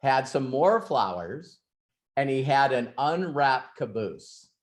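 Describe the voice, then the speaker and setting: A man hosts an ask-me-anything session in a relaxed, storytelling manner. He rambles, restarts his sentences and throws in asides as he goes. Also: mid-range voice, takes it slowly. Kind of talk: casual storytelling and advice.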